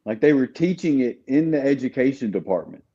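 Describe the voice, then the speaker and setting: A man tells a story in a relaxed podcast chat, with a warm, mellow tone. He restarts his sentences a lot and fills pauses with "you know." The recording sounds muffled and lo-fi. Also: mid-range voice. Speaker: podcast guest.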